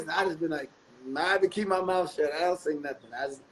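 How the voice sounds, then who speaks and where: A middle-aged man, a guest musician telling stories in a casual interview, laid-back and quick to laugh. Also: on the high side, rough recording. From North Carolina. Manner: laid-back, laughs often, repeats phrases.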